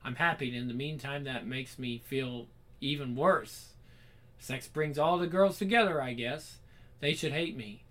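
A fragile, remorseful young woman from a game, weighed down by guilt, as a man reads her part in his own voice. The delivery is soft and subdued, with a mid-pitched male voice that keeps its natural tone. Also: normal speed, natural voice. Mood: tearful.

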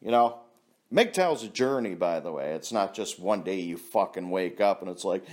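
A man's voice: low-pitched, very animated, normal speed. A man delivering a casual, blunt ranting monologue, heavy on swearing and laughing at his own stories. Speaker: vlogger.

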